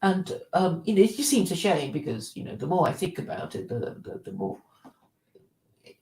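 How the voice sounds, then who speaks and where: A woman's voice: on the low side, big pitch swings, normal speed, dark tone, reverberant. A woman hosting a casual discussion, speaking hesitantly and repeating words as she thinks. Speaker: host.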